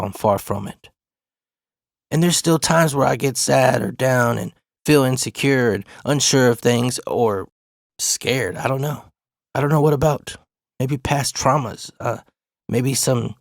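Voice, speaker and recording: A man's voice: mid-range voice, measured pace, gravelly, no echo, studio quality. A man in his forties telling a personal story in laid-back, profane street talk. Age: 40s.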